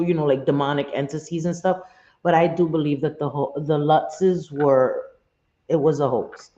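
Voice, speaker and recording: A middle-aged woman with a deep, warm voice hosts an easygoing livestream, talking freely to her viewers at home. She swears, laughs a lot, and reads chat out loud. The stream audio is lo-fi, dull, and roomy.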